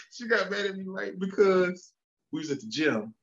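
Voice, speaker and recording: Animated man telling stories, dull sound. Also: high voice, measured pace, creaky. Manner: animated storyteller acting out both sides of conversations. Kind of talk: casual chat.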